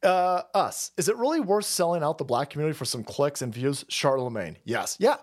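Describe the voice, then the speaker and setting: Man, livestream host, political rant, heated, crude, mocking, swears constantly, lively swinging pitch. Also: brisk.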